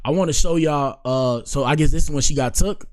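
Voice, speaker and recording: A man's voice: on the high side, fairly quick, darkish tone. A man hosting a casual reaction stream, rambling and slangy, repeating himself as he jokes and comments. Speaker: streamer host.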